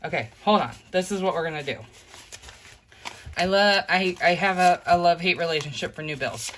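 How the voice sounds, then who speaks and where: A woman's voice: lowish voice, a little fast, a bit bright, a little hiss or hum. Chatty woman counting cash aloud. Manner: chatty, addresses viewers as "you guys", counts bills aloud. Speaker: budgeting vlogger. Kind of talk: casual talk to camera while counting cash.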